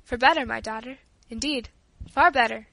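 A woman's voice: fairly high pitch, moderate pace, vocal fry, a bit bright. A tender, earnest father, as a woman reads him. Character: gentle caring father of a family.

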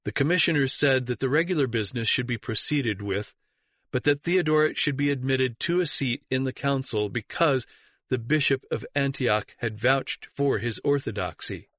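A man narrates an audiobook in a steady, measured reading voice of middling pitch. The sound is close and dry, with no room around it. He raises and slows his delivery for the quoted outbursts. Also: no room sound. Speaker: reader. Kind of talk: audiobook narration of church history.

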